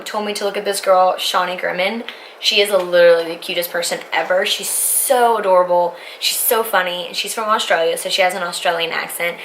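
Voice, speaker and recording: A woman's voice: lowish voice, a bit bright, rough recording. A young woman in her twenties, a beauty vlogger chatting casually and rambling as she walks through a makeup tutorial at home. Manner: rambling, self-interrupting, talks while applying makeup. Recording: faint background noise.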